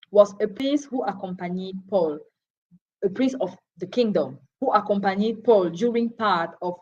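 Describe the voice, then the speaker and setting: A woman's voice: mid-range voice, a little mellow. A woman giving a Bible teaching, going through names, chapters and verses and sometimes stumbling over her words. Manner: deliberate, with restarts and verse citations. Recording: dull lo-fi broadcast audio.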